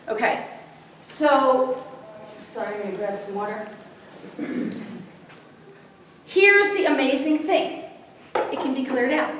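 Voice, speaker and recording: A woman giving a spiritual workshop talk to a live group, often checking that the audience follows. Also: high voice. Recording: very echoey room, distant, faint noise.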